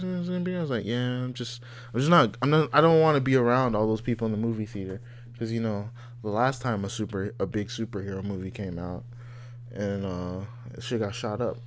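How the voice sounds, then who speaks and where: A young man in casual podcast chat, slangy and quick to laugh, acting out quoted lines. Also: fairly low pitch, steady tone, a little hiss or hum.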